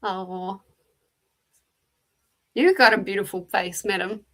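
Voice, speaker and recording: A woman's voice: mid-range voice, takes it slowly, a bit bright. A woman with a New Zealand accent, hosting a casual livestream and chattily greeting viewers by name as she answers the chat. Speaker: livestream host.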